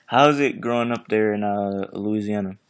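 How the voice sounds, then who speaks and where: A man's voice: lowish voice, normal speed, clear, resonant tone. A man from Florida hosting a casual interview, eager and chatty, asking long rambling questions. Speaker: host.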